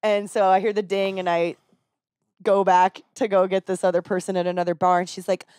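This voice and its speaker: A woman telling a story in a casual podcast chat, animated and swearing casually, slipping into other people's voices with a higher pitch. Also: brisk, no room sound, studio quality. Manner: animated, acts out people in her stories with raised pitch. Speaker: podcast talker and rideshare driver. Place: podcast studio.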